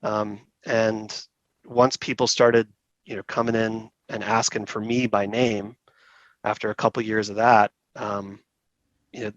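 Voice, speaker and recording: A middle-aged man talks through a long story in a casual interview, easygoing and chatty, laughing often and acting out the people he quotes. His voice sits on the low side. The sound is dry and close, with no room around it. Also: no room sound, muffled recording. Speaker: saxophone repair technician, guest.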